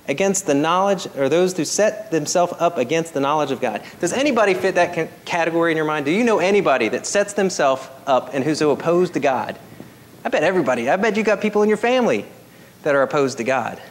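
A man preaching a sermon as pastor, swinging from emphatic high peaks to soft, quiet appeals. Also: lively intonation, fast.

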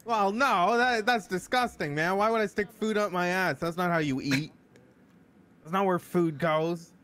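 A man playing an odd, defensive male fast-food worker who rambles and swears. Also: medium pitch, a bit bright, natural voice. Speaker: employee being questioned.

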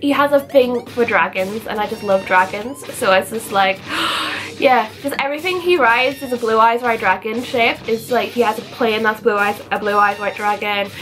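A young woman with a fairly high voice gushes her way through a chatty vlog. She talks casually and excitedly, breaking into gasps and playful outrage. Soft music plays faintly underneath. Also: normal speed, hardly any pauses. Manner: gushing, animated fangirl talk with gasps and mock outrage. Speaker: vlogger.

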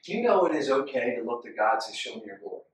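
A man preaching a sermon, impassioned and repetitive, rising loud when he reads scripture aloud. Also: mid-range voice, very animated, quick pace, slight background noise. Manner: impassioned, repeats phrases, rises loud when reading scripture. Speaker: pastor. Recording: echoey hall, from far off.

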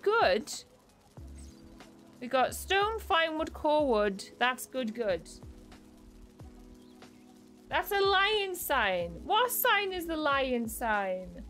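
A young woman with a high-leaning, slightly bright voice chats casually while streaming a game. She thanks viewers by name and laughs at her own confusion.

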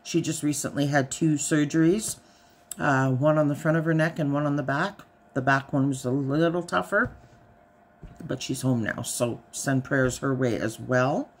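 Husky-voiced, low-pitched woman. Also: normal speed. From Canada. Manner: chatty and dry, with a lot of "I said". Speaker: haul vlogger. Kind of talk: casual storytelling.

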